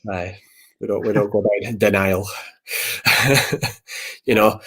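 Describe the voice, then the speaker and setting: A man's voice: lowish voice, level tone, slow pace. A man hosting a podcast, talking casually about grief and acting out old conversations in a rambling, repetitive way. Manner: rambling, repeats words, acts out past conversations. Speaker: podcast host.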